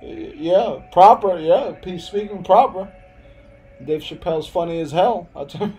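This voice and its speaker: A man's voice: sits high, unhurried, warm tone, slightly rough, poor audio. Laid-back young man. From Hempstead, New York. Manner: loose, rambling, laughs often, answers chat. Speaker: live streamer. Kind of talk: casual live-stream chat.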